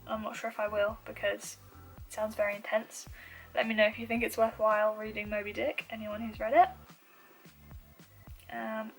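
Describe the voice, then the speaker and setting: Young uk woman rambling about her reading list, highish voice but pretty even, soft music under. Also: gravelly, poor audio. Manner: chatty, with frequent ums and soft trailing asides. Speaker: book vlogger. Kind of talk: casual chat to camera.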